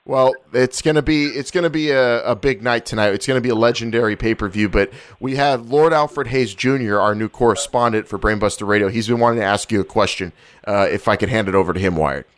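A man hosting a wrestling talk show in energetic, hypey casual chat. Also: mid-range voice, a little fast. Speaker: podcast host.

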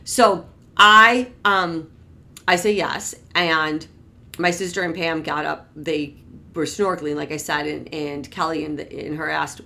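Gravelly low-voiced woman telling her story. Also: fairly even intonation, a little slow, pushed and bright. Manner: rambling, with restarts and exclamations. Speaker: storyteller recounting her childhood. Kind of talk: casual personal storytelling.

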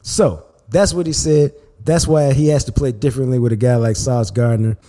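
A man hosting a sports podcast, telling stories in an animated, slangy, casual way. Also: medium pitch, normal speed.

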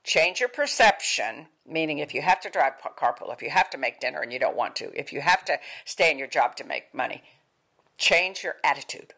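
A woman's voice: deep voice, lively intonation, fairly quick, creaky, a bit bright, slightly rough. An older woman giving an emphatic motivational talk as a wellness speaker, repeating her key words in a coaching tone.

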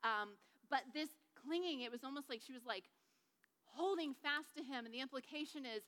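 A woman giving a casual, animated Bible teaching, reading scripture quickly and breaking off for playful asides. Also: sits high. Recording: long hall reverb.

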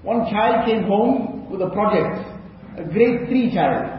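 A man's voice: high voice, expressive, takes it slowly, a little hiss or hum. A man with a South African accent preaching a sermon, telling cautionary stories in an earnest manner and mixing in Arabic religious phrases. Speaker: Islamic preacher. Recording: echoey hall, distant mic, dull lo-fi.

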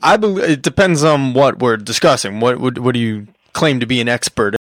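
A man's voice: medium pitch, moderate pace, dry recording. A man co-hosting a podcast, explaining things step by step with dry humor. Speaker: podcast co-host. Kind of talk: casual banter.

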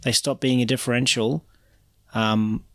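A man's voice: mid-range voice, level tone, measured pace, a bit bright, no echo, studio quality. A man co-hosting a casual sports podcast, making cheeky jokes. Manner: cheeky, jokey. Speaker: podcast co-host.

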